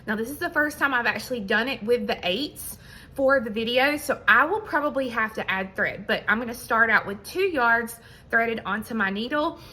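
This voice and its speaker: A middle-aged woman teaching a hands-on beading tutorial, patient and step by step, sometimes counting beads quietly to herself. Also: a little high. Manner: slow, patient, counting beads under her breath. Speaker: beading instructor.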